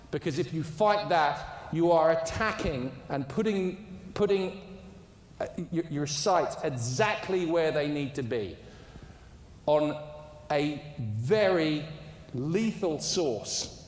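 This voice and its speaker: Man, public speech, fairly high voice, emphatic, roomy hall echo. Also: lively intonation, slow pace. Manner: storytelling, emphatic. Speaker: conference speaker. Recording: echoey hall with long reverb.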